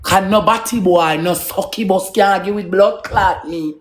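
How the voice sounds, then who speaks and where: A woman's voice: medium pitch, normal speed, slight background noise. A woman with a Jamaican accent in a heated, profane, preachy rant to her viewers.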